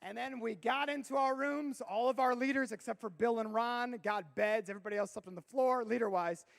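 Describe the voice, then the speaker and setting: A man giving a lively youth sermon, his voice sitting high for a man. He tells stories with big swings, dropping low and then shouting out the punchlines. A gravelly edge runs through his voice. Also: a little fast. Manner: animated storyteller, bursts into shouting for effect. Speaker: youth pastor.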